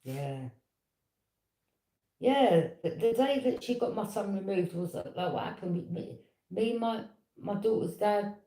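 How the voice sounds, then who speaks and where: A woman, telling a personal story in a casual, animated and indignant way, with quick "yeah?" asides. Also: medium pitch. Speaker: tarot reader. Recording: echoey room.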